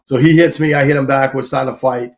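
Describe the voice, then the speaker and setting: A man's voice: medium pitch, fairly even intonation, fast, creaky, a little hiss or hum. A man, a former bouncer, guesting on a show and telling stories in a casual, rambling way full of fillers and swearing. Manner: profane, rambling, filler-heavy. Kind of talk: casual storytelling.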